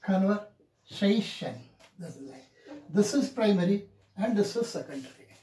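A man teaching an English pronunciation lesson in a deliberate way, repeating each example word several times. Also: sits high, expressive, warm tone. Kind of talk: classroom lecture on pronunciation. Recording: echoey room.

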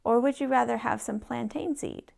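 Brief: man voicing cheerful frog lady, bubbly, chatty, slightly gravelly. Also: very high-pitched, steady tone, moderate pace, a little mellow, exaggerated voice. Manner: bubbly, laughing. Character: giggly female frog who runs a restaurant.

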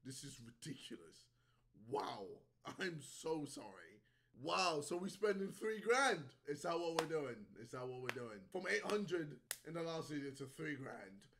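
A man streamer giving casual reaction commentary, excitable, often bursting into laughter and shouts. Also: a little high.

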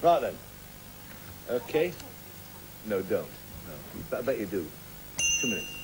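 A man hosting a TV game show, brisk and jovial as he calls turns and scores, on an old broadcast tape. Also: on the low side, very animated, low-quality recording. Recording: 1980s TV broadcast with studio audience and tape noise.

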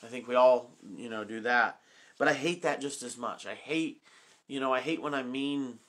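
A man's voice: medium pitch, fairly bright tone. A man leading a Bible study, reading scripture aloud and then explaining it in an earnest, personal way, with frequent fillers and restarts. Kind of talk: reading scripture and teaching informally.

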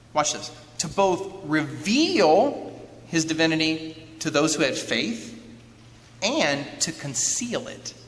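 A man lecturing an audience as an author, lively, asking rhetorical questions and acting out quotes. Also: fairly high pitch. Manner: acts out quoted speech. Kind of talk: lively teaching talk with a handout. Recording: long hall reverb, faint noise.

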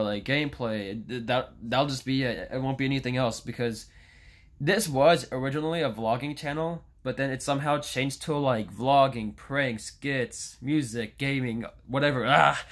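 Frustrated nineteen-year-old guy ranting. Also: medium pitch. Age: young adult. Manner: frustrated, rambling with restarts and frequent swearing. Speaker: YouTuber. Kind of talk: casual vlog rant.

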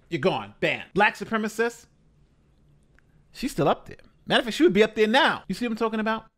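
A man hosting reaction commentary on a news story, talking in an animated, incredulous way with lots of rhetorical questions. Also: fairly high pitch, gravelly. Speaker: commentary host.

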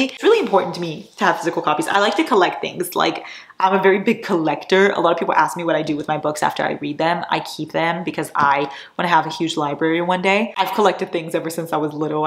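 A young woman in her twenties, chatting excitedly as she opens gifts on her vlog, gushing and swearing casually. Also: sits low. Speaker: book vlogger. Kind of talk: casual chat, reading fan notes aloud. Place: home room with shelves of DVDs. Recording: echoey room.

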